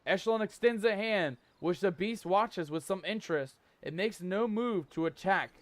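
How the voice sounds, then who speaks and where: A man streaming a game live, joking in mock pirate talk, reading the game's text aloud and shouting out in surprise. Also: high-pitched, normal speed, no room sound. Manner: laughs often, exclaims loudly.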